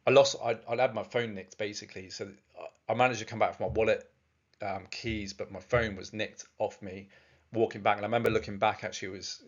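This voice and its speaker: A man's voice: on the low side, fairly even intonation, brisk, dull audio. A man telling a long personal story in a casual, rambling way, with many fillers and restarts. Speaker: presenter.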